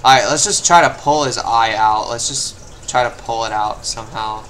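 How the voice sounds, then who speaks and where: There's a faint hiss or hum as a young man with a medium-pitched voice narrates his own gameplay at a moderate speed. He grumbles under his breath in this let's play and breaks into frustrated yells.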